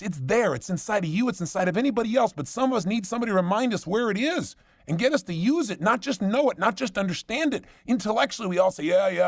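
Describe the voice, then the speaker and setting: A man with a high, bright-pitched voice tells a story at a motivational seminar. He acts out each line of dialogue with animated, emphatic energy. The sound is close and dry, with no room around it. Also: no room sound. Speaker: motivational speaker.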